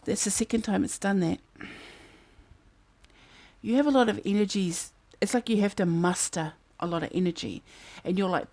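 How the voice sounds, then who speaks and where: New woman, tarot reader, lowish voice, chatty and rambling, thinks out loud to her viewers. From New Zealand. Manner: chatty, musing aloud, breaks into snatches of song. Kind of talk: casual tarot reading to camera. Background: fan humming in the background.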